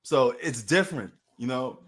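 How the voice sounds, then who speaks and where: A man's voice: medium pitch, expressive, moderate pace, a bit bright. A man with a Queens New York accent hosting a casual sports livestream, talking loosely and slangily to his chat.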